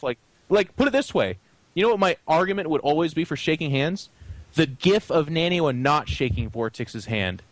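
A man's voice: fairly high pitch, fairly quick, dry recording. A man co-hosting a gaming podcast, opinionated and swearing freely as he jokes. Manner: animated, profane, joking. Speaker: podcast co-host. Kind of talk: podcast discussion.

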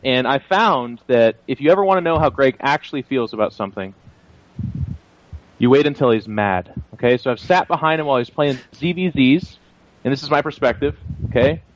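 A man's voice: mid-range voice, brisk, no echo. A man co-hosting a gaming podcast, joking and opinionated with some swearing. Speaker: podcast co-host. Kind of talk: casual gaming podcast chat. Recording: slightly dull lo-fi sound with faint noise.

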